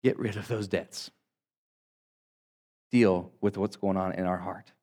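Preaching man, swinging loud and soft. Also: deep voice, steady tone, slow. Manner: dynamic preaching, rising loud for emphasis and dropping soft; addresses congregation as guys. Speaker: pastor. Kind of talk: sermon.

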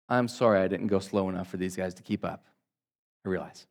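A male pastor preaching a sermon to his congregation, swinging between loud emphatic bursts and quiet, low asides. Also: steady tone, fairly quick, creaky. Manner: dynamic preaching, rising loud for emphasis and dropping soft; addresses congregation as guys.

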